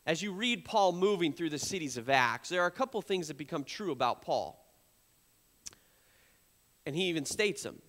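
A man preaching from a church platform, his voice sitting a bit high for a man. He builds his points in emphatic repetitions and mimics the accusers in a sharper tone. The sound carries a long hall reverb. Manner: animated preaching, acts out accusers in a raised voice. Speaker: pastor. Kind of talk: sermon. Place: church sanctuary.

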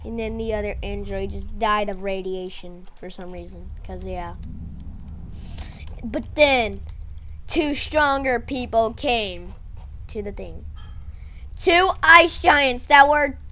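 A woman excitedly recapping a game fight in a rambling play-by-play, often correcting herself. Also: mid-range voice, slow pace, long pauses. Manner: excitable, self-correcting, mimics characters with shouts. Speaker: gameplay narrator. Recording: noisy home recording.

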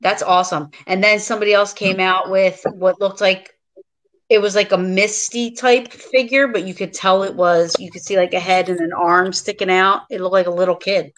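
A woman hosting a casual paranormal podcast chat, telling her ghost stories excitedly and saying "like" a lot. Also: mid-range voice, normal speed, poor audio. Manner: excited storyteller, says "like" a lot. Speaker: podcast host.

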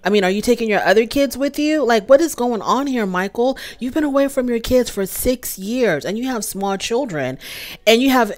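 A woman's voice: on the high side, lively intonation, moderate pace, a little mellow. Exasperated woman recapping reality TV. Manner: exasperated, scolding the cast directly. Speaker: reality show recap host. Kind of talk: casual review commentary.

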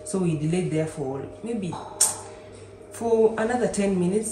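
A young Kenyan woman narrating her travel vlog in a chatty, excitable way. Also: on the low side, a little slow, faint music behind. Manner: chatty and excitable, with bursts of exclamation. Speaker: travel vlogger. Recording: echoey room with faint noise.

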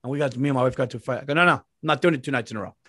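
A man hosting a podcast, telling a comic story in a casual, animated way, swearing and repeating lines for emphasis. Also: mid-range voice, very fast, a little hiss or hum. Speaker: podcast host.

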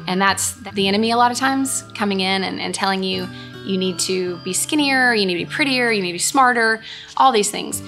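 A woman's voice: mid-range voice, vocal fry, bright, forceful tone. A woman, hosting a casual question-and-answer chat in an earnest, gushing way that repeats phrases. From Texas. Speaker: host. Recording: music playing in the background.

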